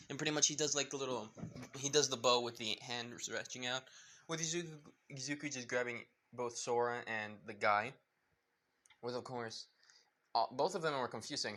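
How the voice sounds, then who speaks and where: A man's voice: medium pitch, normal speed, bright, forceful tone. A man casually retelling a fan story, rambling with many fillers and losing track of names.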